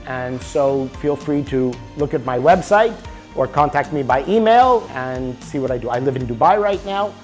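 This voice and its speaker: A middle-aged man from Canada presenting a motivational workshop, telling a story in a lively way and acting out the dialogue. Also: mid-range voice, moderate pace, faint music behind. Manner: animated storyteller, acts out dialogue.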